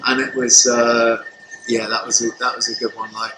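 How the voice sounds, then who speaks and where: A man in his thirties chats casually on a podcast as the chef guest, rambling with plenty of fillers and restarts. The sound is echoey, with steady background noise from the restaurant around him. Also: mid-range voice, moderate pace. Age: 30s.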